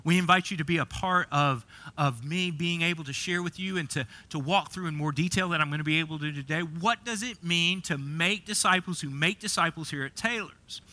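Bright-voiced preacher, storytelling. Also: male voice, on the high side, brisk. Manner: repeats and restarts words, storytelling. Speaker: pastor. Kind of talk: sermon.

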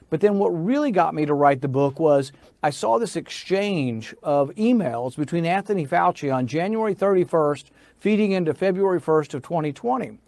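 A middle-aged American senator tells a story in an interview, his insistent delivery building to indignation. His voice is a little high, gravelly and a little mellow, captured in a dry recording.

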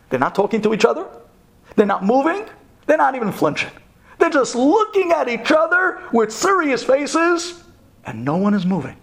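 A rabbi telling a story in a sermon, lively and animated, rising to exclamations and then going hushed and earnest. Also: male voice, extremely high pitch, moderate pace, gravelly.

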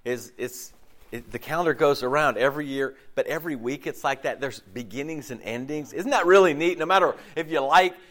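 A male pastor giving a casual sermon, his voice hoarse and deeper than usual from a lost voice, rambling with many fillers and restarts before a congregation. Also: a little fast, fairly bright tone. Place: church service before a congregation.

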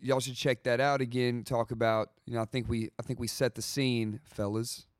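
A man's voice: medium pitch, level tone, normal speed, dry recording, clean studio sound. A man hosting a podcast, chatting casually with slang and jokes. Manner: laid-back, joking, Southern slang. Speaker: podcast host. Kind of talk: casual chat.

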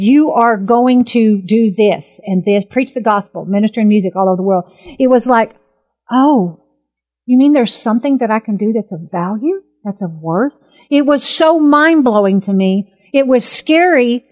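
An earnest woman in her fifties gives her personal testimony as a minister. Her voice sits fairly high, and she talks emphatically and animatedly as she retells events. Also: a little mellow. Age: 50s.

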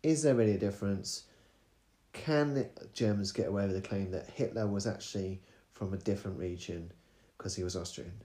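A man's voice: deep voice, brisk, warm tone, roomy sound. Tired British man, wordy and playful. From Britain. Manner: wordy, playful, searches for words with fillers. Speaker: podcast co-host. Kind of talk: casual late-night chat.

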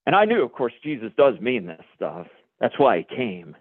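A pastor telling a personal story in a sermon, a lively storyteller who acts out the dialogue. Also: male voice, medium pitch, normal speed, husky, no room sound. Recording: dry, phone-like radio broadcast.

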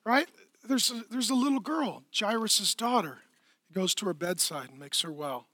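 A middle-aged man preaching a lively, playful sermon in a church, swinging from hushed tones to shouting. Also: sits high, normal speed, no room sound. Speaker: pastor. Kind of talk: energetic comedic sermon.

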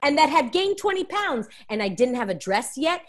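Expressive woman sharing a personal story. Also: high-pitched, normal speed. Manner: emotional, expressive, acts out quoted voices; frank, confessional. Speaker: interview guest.

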